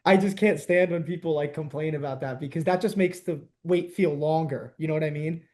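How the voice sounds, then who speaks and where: A young man from the New Jersey–New York area, hosting a podcast in casual, animated chat and laughing often. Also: a little high, a little fast. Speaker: podcast host.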